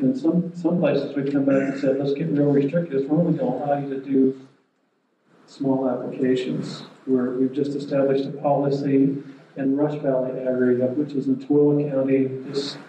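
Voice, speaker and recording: A man explaining water policy at a public meeting in a plain, measured way, with many restarts. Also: medium pitch, little pitch movement, mellow. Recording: roomy, distant, muffled, faint noise.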